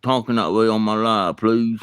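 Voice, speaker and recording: A man with a Southern American accent chats on his livestream, answering viewers in a loose, folksy ramble that stalls and repeats words. His voice sits on the lower side and sounds smooth, recorded dry and close. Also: steady tone, normal speed, a bit bright, dry recording. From Alabama, USA. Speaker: livestream host. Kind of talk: casual livestream chat answering comments.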